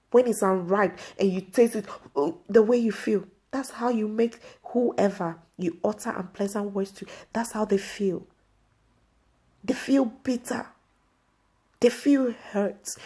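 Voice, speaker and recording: A woman's voice: medium pitch, a little mellow, breathy edge. A woman vlog host giving an earnest inspirational faith talk to camera, repeating her pleas.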